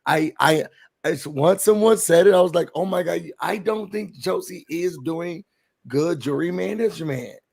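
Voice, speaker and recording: A man's voice: sits high, normal speed, vocal fry. A man hosting a casual podcast chat, talking animatedly and acting out what others said. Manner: animated, acts out quotes of others. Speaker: podcast host.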